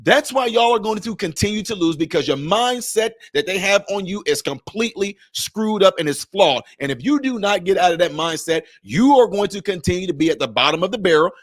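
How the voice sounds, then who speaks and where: A man's voice: high voice, fairly bright tone, dry recording, studio quality. A man in his forties hosting a live stream, giving impassioned, preachy commentary full of rhetorical questions. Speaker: livestream host and commentator.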